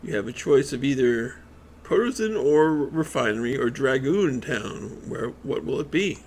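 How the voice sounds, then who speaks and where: A man casually commenting on a game as he plays, reading its text aloud and thinking out loud in a hesitant way. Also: mid-range voice, animated, unhurried, a little hiss or hum. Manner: hesitant, thinking aloud with many ums and restarts. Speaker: let's play gamer.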